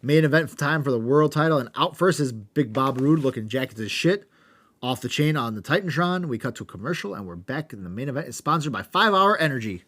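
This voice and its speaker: A man's voice: medium pitch, lively intonation, brisk, fairly bright tone. A man co-hosting a podcast, casually recapping an old wrestling show with wry asides and some swearing. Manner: wry, rundown narration with swearing. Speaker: podcast co-host.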